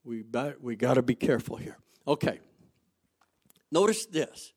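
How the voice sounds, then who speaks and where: A man preaching a sermon, asking the congregation rhetorical questions and telling stories from his own life, going from loud emphasis to quiet asides. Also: mid-range voice, expressive, normal speed. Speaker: pastor.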